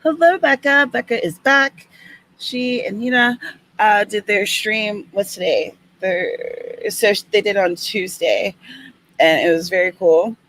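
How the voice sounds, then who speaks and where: A woman hosting a casual writing livestream at a middle pitch, chatty and easygoing. She reads viewer comments aloud and adds little asides as she goes. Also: measured pace, a bit bright, slight background noise, low-quality recording. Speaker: host.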